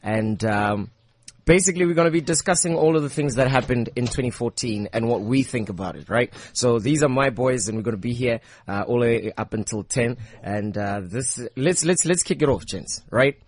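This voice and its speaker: A man's voice: mid-range voice, normal speed, no room sound. A man hosting a casual, joking morning radio show in a studio. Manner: loose, joking and upbeat. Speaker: radio host. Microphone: studio microphone.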